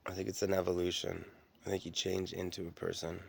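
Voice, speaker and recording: A man's voice: sits low, monotone, fairly quick, vocal fry, slightly rough. A man telling stories in a rambling, profane, stream-of-consciousness solo monologue, often restarting his sentences.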